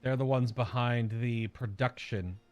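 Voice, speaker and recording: A man's voice: mid-range voice, unhurried, darkish tone, soft background music. An American man chatting casually while streaming a game, rambling and searching aloud for words. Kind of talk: casual gameplay chat.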